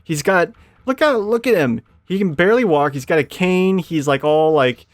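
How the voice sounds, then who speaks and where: A man giving casual let's-play commentary, swearing freely and quick to rant at game characters. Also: fairly high pitch, expressive, no room sound. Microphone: desk microphone.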